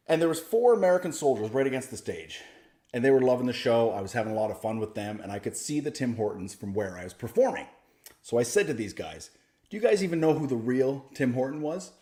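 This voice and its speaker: A comedian telling stand-up stories in a mid-range male voice. He keeps a dry, deadpan delivery that jumps into lively bursts. The sound is roomy and echoey. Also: mid-range voice, fast. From Canada. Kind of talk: stand-up storytelling. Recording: echoey room.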